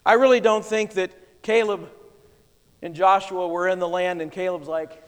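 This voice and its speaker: A male pastor preaching a sermon with emphatic delivery, swinging between soft and loud. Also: high voice, steady tone, moderate pace, clean tone, in a large hall.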